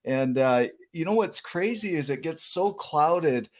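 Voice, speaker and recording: A man hosting a casual chat, easygoing and jokey, often affirming with quick yeahs. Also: a little high, expressive, crowd noise. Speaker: host.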